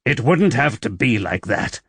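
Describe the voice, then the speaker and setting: Casting: a brooding young nobleman, read by a male narrator, coaxing and intense, with a lively pitch. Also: unhurried, creaky, slightly rough, dry recording, heavily acted.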